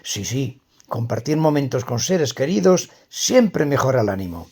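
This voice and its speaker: A man reading a scripted dialogue as a calm, friendly man who reassures a friend. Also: mid-range voice, moderate pace, slightly rough. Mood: supportive. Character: friendly adult man chatting calmly.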